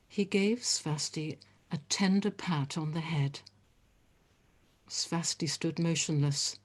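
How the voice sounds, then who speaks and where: A woman reading a story aloud in a calm, measured, gentle way. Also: lowish voice.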